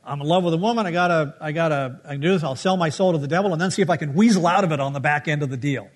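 Racing along in a slightly high voice, this middle-aged preacher spins his sermon like a playful story. Now and then he breaks into humming a tune.

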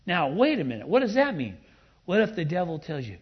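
A man with a somewhat husky, slightly high voice delivers a sermon, punching key words with sudden loud emphasis. He slips in playful asides between points. The recording sounds dull and muffled. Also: sing-song, fairly quick. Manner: emphatic, rising to loud bursts. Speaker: pastor.

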